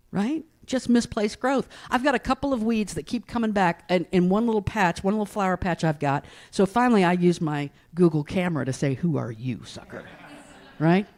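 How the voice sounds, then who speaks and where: A middle-aged woman pastor from East Tennessee delivers a folksy, story-driven sermon, frequently asking her congregation "right?". Her voice is mid-range with a darkish tone.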